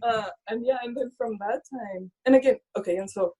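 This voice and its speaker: This young woman's voice is fairly high and dark-toned with a breathy edge, and she talks fairly quickly. A guest and illustrator, she earnestly recounts her personal faith journey in conversation, peppering it with "like" and quoting her own past thoughts.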